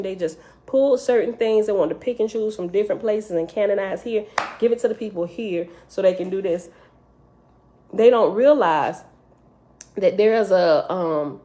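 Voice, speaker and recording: A woman's voice: medium pitch, a little mellow. A woman telling a dream story to her listeners in an earnest, emotional way, speaking to them directly.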